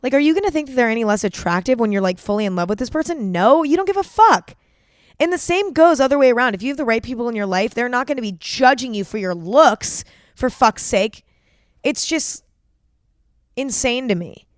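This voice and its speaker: Frank young woman, smooth dry voice. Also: a little high, lively intonation, brisk, no echo. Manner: frank and confessional, swears freely, lots of "like". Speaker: podcast host. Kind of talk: candid solo podcast monologue.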